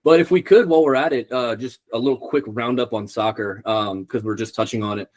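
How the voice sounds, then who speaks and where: A man's voice: mid-range voice, brisk. A young man co-hosting a podcast in casual chat, rambling with lots of ums and swearing freely. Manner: rambling, profane, many ums. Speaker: podcast co-host.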